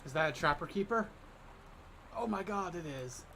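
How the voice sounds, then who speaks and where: An offhand co-player talking over a call, laughing and hedging as they play. Their voice sits mid-range. Clear noise runs under the call audio. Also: mid-range voice, animated, normal speed, pushed and bright. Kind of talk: casual gameplay chat.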